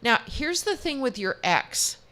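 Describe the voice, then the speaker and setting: A woman's voice: high voice, sing-song, measured pace, sharp tone. A woman giving a tarot reading as a show guest, chatty and reassuring, often restarting her sentences. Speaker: psychic reader.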